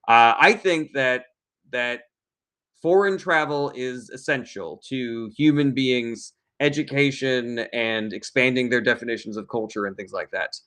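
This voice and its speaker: A man streaming live who reads viewer messages aloud and fires back quick, blunt answers. His voice sits at an ordinary pitch, and he talks casually with plenty of fillers. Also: a bit bright. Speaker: streamer answering chat questions.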